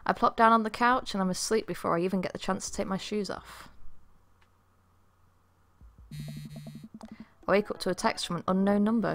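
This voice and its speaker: A woman streamer playing a dating game, reading the story aloud and reacting with quick laughs and chatty asides. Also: mid-range voice, a bit bright, a little hiss or hum. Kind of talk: let's play commentary with read-aloud game text.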